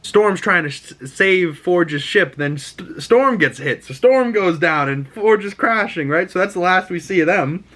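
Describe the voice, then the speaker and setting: A man's voice: high voice, expressive, measured pace, hardly any pauses, a bit bright. A man with a Boston accent hosting a podcast, recapping an episode casually, rambling, swearing and acting out characters' lines. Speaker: podcast host.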